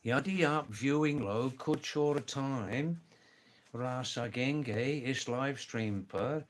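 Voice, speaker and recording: A man's voice: medium pitch, slow pace, slight background noise. A man hosting a live stream, casually chatting with viewers, greeting them by name and repeating exclamations. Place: seated indoors.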